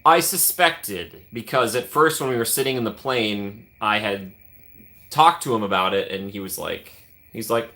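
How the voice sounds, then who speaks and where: A man's voice: on the low side, moderate pace, bright, forceful tone. A man hosting a casual livestream, rambling and chatty, laughing often and thanking viewers by name. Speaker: livestream host.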